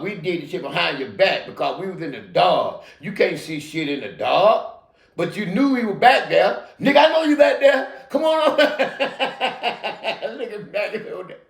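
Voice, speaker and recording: An older man rambles and preaches, swearing freely. His voice sits high and gravelly, with a roomy echo around it. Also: a bit bright. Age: middle-aged or older. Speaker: host of a recovery talk show. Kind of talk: unscripted monologue.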